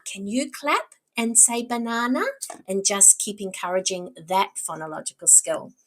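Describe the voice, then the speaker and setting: A woman explaining early reading skills to parents, patient and encouraging, slowly modelling words and sounds. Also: medium pitch, rough recording. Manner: encouraging, teacherly. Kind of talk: instructional talk to parents.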